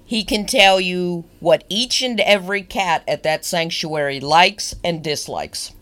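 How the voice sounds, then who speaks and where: Chatty young woman with a lower voice. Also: measured pace, fairly bright tone. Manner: chatty, enthusiastic storyteller. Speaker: podcast co-host. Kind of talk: casual chat.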